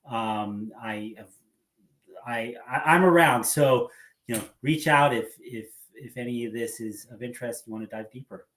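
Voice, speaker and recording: A man's voice: medium pitch, normal speed, a bit bright, echoey room. A man, a doctor, speaking as a podcast guest in an earnest, hopeful way, with hesitant restarts. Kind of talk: casual interview conversation.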